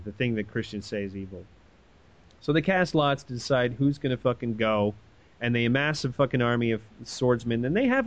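A man's voice: mid-range voice, dry recording, highs cut off. A man casually retelling a story in an irreverent, profane way, acting out the quoted voices. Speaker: podcast host retelling a story.

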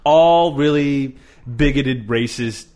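The audio sounds dull as a Canadian podcast host speaks slowly in a mid-range voice. Still, he's lively, cursing and ridiculing things with animated energy in casual chat.

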